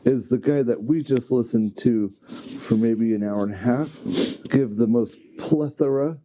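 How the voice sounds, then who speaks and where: A man's voice: mid-range voice, a little slow, warm tone. A man co-hosting a podcast, chatting casually and eagerly rattling off lists. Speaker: podcast co-host.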